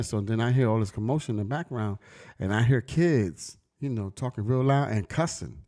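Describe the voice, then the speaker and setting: A middle-aged vlogger and brand owner speaks briskly in a warm, mid-range male voice. Using slangy street talk, he tells stories with emphasis and preaches to his audience.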